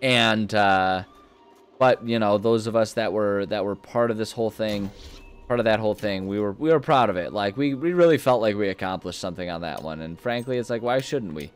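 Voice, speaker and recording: A young man commenting casually while playing a video game, rambling and easily amused, often breaking into high-pitched laughter. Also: fairly quick, clean tone. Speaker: gaming video host. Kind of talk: casual let's-play commentary.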